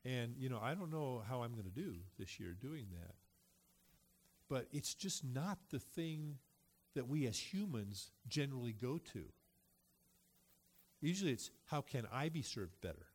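A man's voice: medium pitch, expressive, measured pace, long pauses, darkish tone, husky. A middle-aged man, a pastor, preaching a sermon in a loose, conversational way and reading Scripture aloud.

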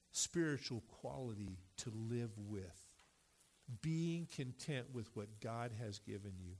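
A man's voice: medium pitch, slight background noise. A middle-aged man, a pastor, preaching a sermon in a loose, conversational way and reading Scripture aloud.

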